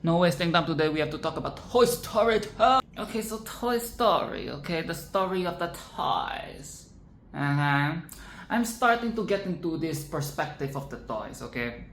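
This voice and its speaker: A vlogger gushing and ranting about a film in a loose, dramatic way, leaning on repeats and swear words for effect. The mid-pitched voice sits in a roomy, echoey space. Faint background ambience hums underneath. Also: normal speed, slight background noise. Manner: dramatic, animated and profane, repeats phrases for emphasis. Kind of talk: casual film commentary.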